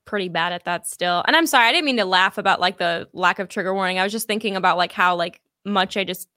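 A woman's voice: fairly low pitch, quick pace, sharp tone, dry recording. A woman co-hosts a casual call-in show. She speaks bluntly, apologizes often and swears casually. Her voice is recorded dry and close, with no room sound.

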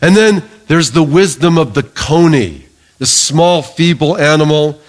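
A middle-aged male pastor preaching a sermon in a lively, joking way, calling for amens from the congregation. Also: a little high, a little slow.

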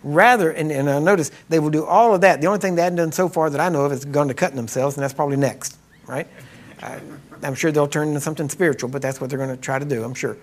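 A man's voice: on the high side, fast. A man preaching a sermon, retelling a Bible story in plain talk and acting out the quotes with a mocking edge. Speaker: preacher and ministry teacher.

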